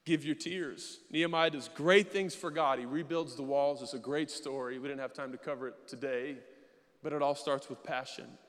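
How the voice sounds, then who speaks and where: A male pastor giving an animated sermon, mixing casual asides with loud acted-out bursts. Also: medium pitch, moderate pace, in a large hall. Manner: animated preaching with sudden loud mimicking bursts.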